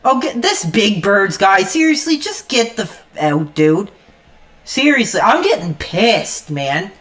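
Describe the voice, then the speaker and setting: A man's voice: big pitch swings, measured pace. Angry ranting man. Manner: heated, profane, swings between loud outbursts and low mutters.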